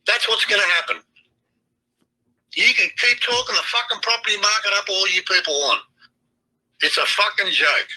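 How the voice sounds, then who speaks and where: A heated Australian man rants with constant swearing and hard emphasis. His voice sits high for a man and comes out sharp and tense, with a husky edge. The sound is tinny and thin, like a phone line. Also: normal speed, pauses often. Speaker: trading chat host. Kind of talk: blunt rant to an online audience.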